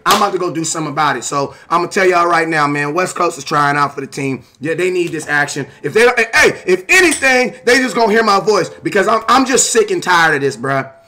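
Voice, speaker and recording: A man hosting a live sports stream, talking animatedly with lots of "man" and "bro", sometimes shouting. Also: fairly high pitch. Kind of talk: casual sports talk.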